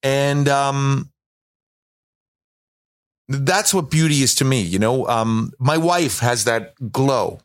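A man's voice: medium pitch, takes it slowly, pauses often, dry recording. Guy in his 40s on a podcast, rambly, joking at himself, um and uh everywhere, dead dry sound. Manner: rambling, self-mocking, many fillers and restarts. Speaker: podcast guest. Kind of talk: casual chat.

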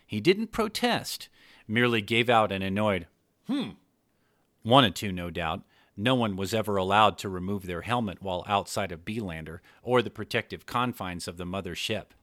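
A man narrating an adult fiction story in a measured storytelling manner. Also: lowish voice, lively intonation, a bit bright, dry recording, studio quality.

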